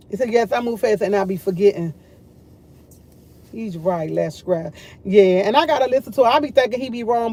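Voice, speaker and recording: A woman's voice: on the high side, expressive, normal speed, long pauses, dark tone. A woman hosting a casual morning livestream, chatting and rambling directly to her viewers. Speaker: livestream host.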